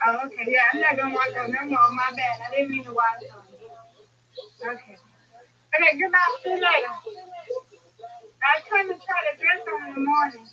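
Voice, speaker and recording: A woman's voice: high voice, moderate pace, long pauses, pushed and bright. A woman calling in from home, chatting casually and talking aside to people in the house. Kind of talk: casual chat. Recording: dull lo-fi sound from a distant mic.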